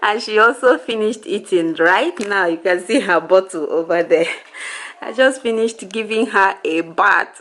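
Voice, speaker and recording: A woman's voice: mid-range voice, expressive, takes it slowly, pauses often. A Nigerian woman vlogging casually at home as a mother, laughing often and cooing in baby talk. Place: family home indoors.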